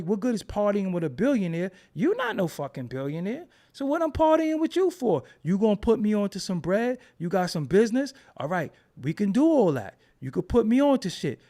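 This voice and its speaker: A man in a casual, profane rant, talking emphatically and repeating himself when heated. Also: high-pitched. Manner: animated, emphatic, swears freely, repeats words when heated.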